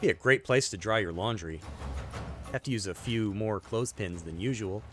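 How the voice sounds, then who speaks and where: A man's voice: on the low side, moderate pace, soft background music. A man streaming a game, joking through casual play-by-play commentary. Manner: joking, animated play-by-play with put-on quotes.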